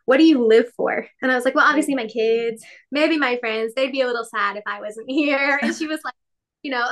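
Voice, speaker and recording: A woman's voice: high-pitched, fairly quick, fairly bright tone. A woman in her thirties co-hosting a casual faith podcast, chatty, laughing often and acting out quotes. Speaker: podcast co-host.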